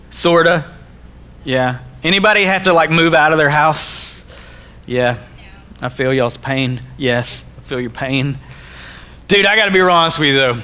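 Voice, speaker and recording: A man from Arkansas, giving a jokey, animated storytelling talk to a school audience. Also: on the high side, smooth. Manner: animated, jokey, acts out his own quotes. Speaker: motivational speaker.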